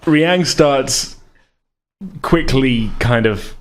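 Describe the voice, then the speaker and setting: A man running a tabletop game as game master, casual and relaxed. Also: mid-range voice, drawn-out words, a little hiss or hum.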